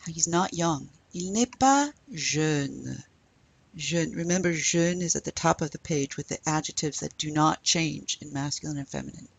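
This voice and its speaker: A middle-aged woman with a somewhat low, husky voice teaches a recorded French lesson. She explains patiently and step by step. She says French phrases slowly so her students can copy them. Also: level tone, no echo, rough recording.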